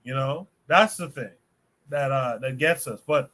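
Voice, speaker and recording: A man's voice: mid-range voice, a little slow, a bit bright. A man hosting a livestream podcast, thinking aloud in a rambling way before handing over to a guest. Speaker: podcast host. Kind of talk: casual livestream discussion.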